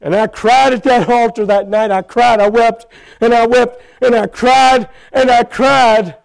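High-voiced gravelly preacher. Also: male voice, fairly even intonation, measured pace. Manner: emotional storytelling, rises to loud pleading. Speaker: pastor. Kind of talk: sermon testimony. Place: church sanctuary.

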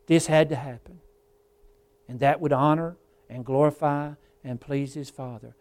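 Man, preacher, higher voice, fervent sermon, hushed to loud swings, scripture quoting. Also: steady tone, a little slow. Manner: addresses congregation as folks and brother; quotes scripture in old-style wording. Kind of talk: evening church sermon.

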